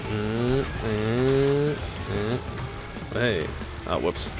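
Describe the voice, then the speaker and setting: A man whose voice is on the low side chats casually and animatedly, speaking very slowly, while streaming a racing game. He laughs often and reads chat aloud, with game music playing behind him.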